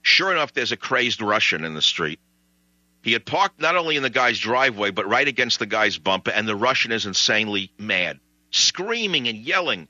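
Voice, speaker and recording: A man hosting talk radio, telling a story in animated comic outrage. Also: lowish voice, moderate pace, no echo, dull audio.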